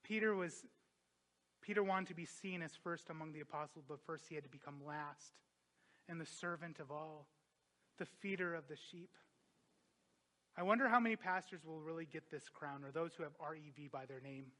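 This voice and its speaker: An impassioned male pastor preaching a sermon in a high, bright, forceful voice. He swings between loud, emphatic peaks and hushed, reflective moments. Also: moderate pace.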